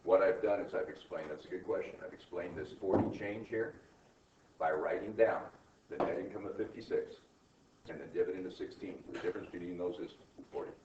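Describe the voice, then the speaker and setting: A man lecturing an accounting class, brisk and coaching, firing rhetorical questions at his students. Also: low voice, noisy background. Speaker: accounting instructor. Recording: echoey classroom, distant mic, dull and lo-fi.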